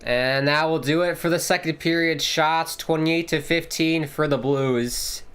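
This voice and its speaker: A man hosting a live sports watchalong, giving casual commentary and reacting excitedly to the plays with casual swearing. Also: a little high, measured pace, clear, resonant tone. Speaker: livestream host.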